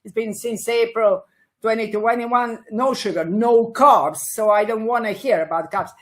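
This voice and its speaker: A woman in her sixties from Italy, speaking as an as an interview guest, animated and laughing often, with many fillers and restarts. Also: on the high side, a little slow. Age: 60s. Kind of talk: casual interview conversation.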